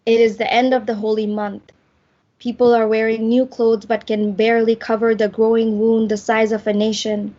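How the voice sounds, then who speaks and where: Woman poet, slow measured poetry reading, higher voice, muffled video call sound. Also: darkish tone. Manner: slow, measured delivery with drawn-out lines.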